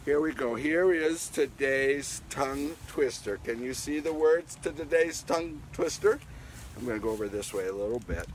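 A man who is a pastor, giving a playful, animated children's message outdoors in his garden at home. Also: mid-range voice, normal speed, a little hiss or hum, rough recording. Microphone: handheld camera.

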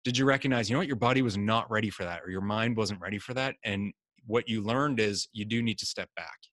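Animated, low-voiced man telling stories. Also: fast, no echo. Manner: animated storyteller acting out quotes. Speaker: guest. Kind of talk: casual interview conversation.

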